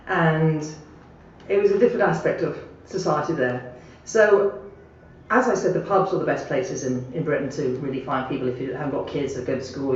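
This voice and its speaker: A woman telling a personal anecdote in a chatty, animated way. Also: sits low, distant mic, slight background noise. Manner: chatty, animated, laughing at her own story. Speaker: storyteller sending a voice message. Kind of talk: casual spoken anecdote. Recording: echoey, muffled playback heard from afar.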